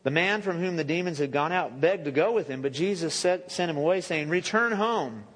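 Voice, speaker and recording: Chatty pastor preaching in a reverberant church. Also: male voice, fairly high pitch, expressive, brisk, fairly bright tone. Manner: conversational, joking asides and self-corrections. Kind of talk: sermon. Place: church sanctuary. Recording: echoey church hall with long reverb.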